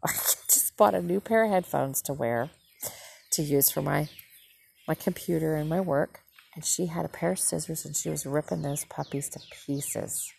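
A woman's voice: sits low, moderate pace, gravelly, slight background noise. A woman from the northern United States hosting a podcast, rambling through a casual story and correcting herself as she goes. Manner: rambling, self-correcting, animated retelling. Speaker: podcast host and mother.

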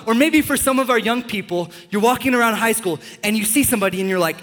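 A young man preaching a sermon as a pastor, enthusiastic and joking with sudden loud bursts. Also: high-pitched, expressive, fast. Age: young adult. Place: large church hall. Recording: long church-hall reverb.

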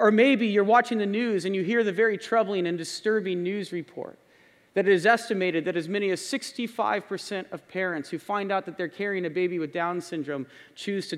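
A pastor preaching a sermon in a church, earnest and repeating key phrases for emphasis. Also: male voice, sits high. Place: church sanctuary. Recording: long hall reverb.

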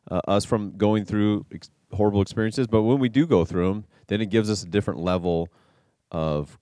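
A man's voice: deep voice, warm tone, no room sound, studio quality. A man hosting a church interview, reflecting in a rambling way and reading aloud from scripture. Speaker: church host interviewing a guest.

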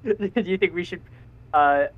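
A man's voice: high voice, normal speed, narrow, tinny audio. A young man co-hosting a casual podcast, rambling and cutting himself off, laughing often. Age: young adult. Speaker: podcast co-host. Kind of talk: casual chat.

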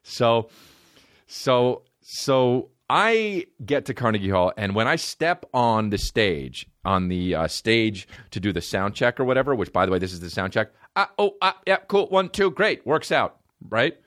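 A male comedian and podcast host telling a profane, animated personal story in casual chat. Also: fairly low pitch, unhurried, no room sound, studio quality.

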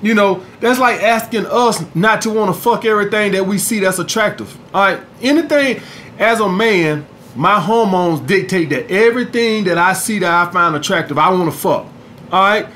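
A man's voice: high voice, normal speed, fairly bright tone, a little hiss or hum. A man hosting a podcast in a casual, profane monologue, peppering his talk with "all right?". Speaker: podcast host.

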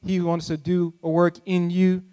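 A man preaching a sermon as pastor, repeating lines with rising emphatic calls and dropping low and soft between them. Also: completely flat delivery, moderate pace, smooth.

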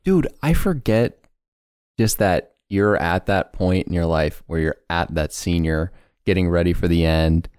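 A man in his twenties hosting a podcast, chatting casually in an animated, joking way with frequent laughs, recorded on a home microphone. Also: low voice, unhurried, smooth, no room sound, clean studio sound. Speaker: podcast host. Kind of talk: casual chat.

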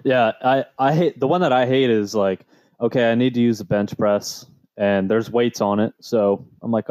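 A man co-hosts a podcast in loose, joking banter, animated and acting out his own reactions. His voice sits at an ordinary middle pitch. The sound is dry and close to the mic. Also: moderate pace, no echo. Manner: animated, joking, quotes himself. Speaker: podcast co-host. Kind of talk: casual chat.

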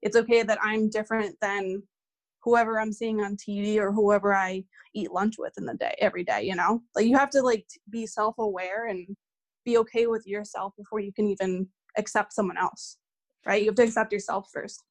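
A woman's voice: mid-range voice, steady tone, fairly quick. A young woman in her twenties, a graduate student appearing as a podcast guest, who talks casually and agreeably with lots of "like" fillers. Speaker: guest, neuroscience PhD candidate. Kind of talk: casual conversation.

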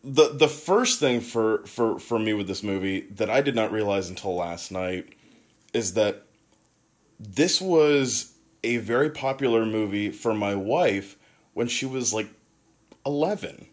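A man's voice: lowish voice, animated, a little slow. Man hosting a casual podcast. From United States. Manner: jokey, rambling with restarts. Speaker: podcast host.

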